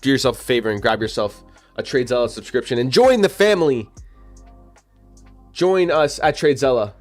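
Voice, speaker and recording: A man's voice: medium pitch, lively intonation, fairly quick, long pauses, soft background music. A man hosting a live trading stream, talking casually and directly to his chat with slangy, repetitive phrasing, hiccuping now and then. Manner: chatty, slangy, addresses chat directly, repeats himself. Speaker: livestream trading host. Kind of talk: casual livestream commentary.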